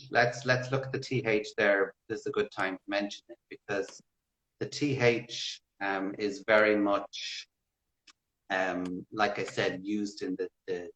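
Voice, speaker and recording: A man with an Irish accent, a guest in a casual interview, explaining and demonstrating accents in a measured way. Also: on the low side, a bit bright, rough recording. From Ireland. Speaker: guest language expert.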